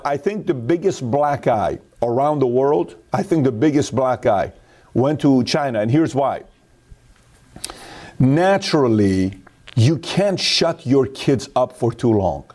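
A man's voice: mid-range voice, a little mellow. A man talking in an emphatic, opinionated way, telling stories with quotes. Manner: emphatic, storytelling with acted quotes. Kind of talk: opinionated casual talk.

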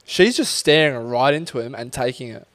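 A man's voice: medium pitch, normal speed, no echo, studio quality. A young man, co-hosting a casual podcast and telling a story with lots of swearing and acted-out quotes. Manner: animated, swears freely, acts out quotes. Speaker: podcast co-host.

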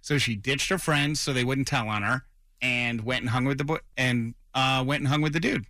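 Bright, crisp male radio co-host. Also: mid-range voice, no room sound, studio quality. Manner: quick, pushy questioning. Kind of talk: morning radio banter.

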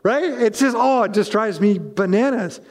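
A man preaching a conversational sermon as pastor, animated and chatty with frequent asides and restarts. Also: high-pitched, normal speed, in a large hall.

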